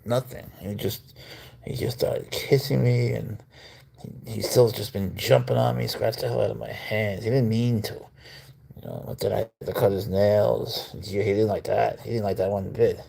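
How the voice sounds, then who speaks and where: A man's voice: lowish voice, fairly even intonation, moderate pace, gravelly, dark tone, breathy edge. A man hosting a casual livestream, cooing to his pet cat and reading out viewer comments. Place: at home.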